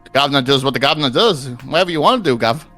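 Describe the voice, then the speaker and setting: A man's voice: medium pitch, expressive, very fast, a bit bright, faint music behind, natural voice. A man voicing a cheeky, chummy male kobold lord who keeps calling the player governor.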